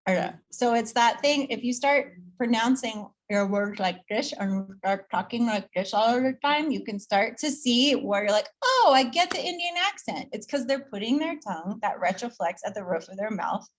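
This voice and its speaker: Upbeat woman teaching pronunciation drills. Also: medium pitch. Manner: upbeat, repeats sounds slowly for students to copy; casual, chatty, laughs easily. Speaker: yoga teacher training instructor.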